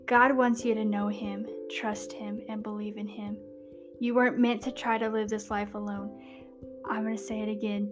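A woman hosting a podcast, reading her own devotional in an earnest tone that drops to hushed emphasis. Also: on the high side, level tone, unhurried, music in the background.

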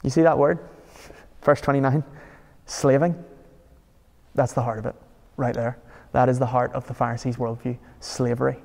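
A man delivers a sermon with a gravelly, mid-pitched voice. He preaches conversationally but with emphasis and keeps asking rhetorical questions, and his voice carries a long reverb like a hall. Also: fairly even intonation, moderate pace, pauses often, a little mellow. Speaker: pastor.

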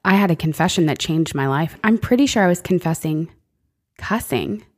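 A woman's voice: on the low side, lively intonation, normal speed, a little mellow. A woman co-hosting a faith conversation, speaking earnestly and reflectively and quoting scripture. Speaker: podcast co-host.

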